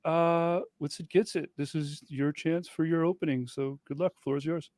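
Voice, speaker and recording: Brief: male debate moderator, slightly higher voice, dry audio. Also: fairly even intonation, darkish tone, no echo. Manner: friendly, brisk timekeeping. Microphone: video call.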